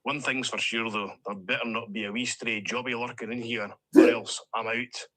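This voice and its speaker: A man's voice: mid-range voice, steady tone, normal speed, fairly bright tone, natural voice. A man voicing a fussy, squeamish talking plastic bath duck in a comic voice note, complaining in a dry, chatty way. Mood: grumbling. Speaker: caller leaving a voice note. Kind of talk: comic voice note role-play.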